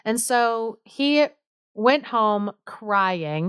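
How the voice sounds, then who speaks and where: Woman co-host, casual storyteller, chatty and amused; smooth, clear voice, dry sound. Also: medium pitch, animated, measured pace, dry recording. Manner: chatty, amused, lots of fillers.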